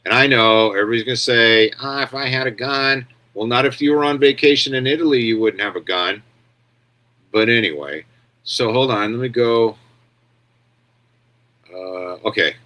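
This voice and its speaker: A man's voice: fairly low pitch, normal speed, pauses often, sharp tone. A man hosts a casual news commentary stream in a loose, rambling way. He is blunt and offhand, and he answers viewer comments as he talks. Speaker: commentary show host.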